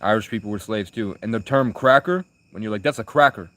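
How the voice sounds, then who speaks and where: A man's voice: lowish voice, brisk, fairly bright tone, no room sound. A young man live streaming, chatting with viewers in rambling, crude, provocative banter. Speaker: livestreamer.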